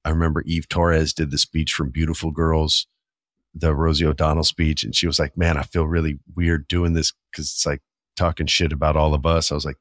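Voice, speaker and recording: A man with a very low, deep voice tells a story from his past in a loose, candid podcast manner, swearing freely. The sound is dry and close. He livens up sharply when he quotes people. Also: fairly quick, dry recording. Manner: candid, profane, animated when quoting. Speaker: podcast host. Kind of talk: casual storytelling.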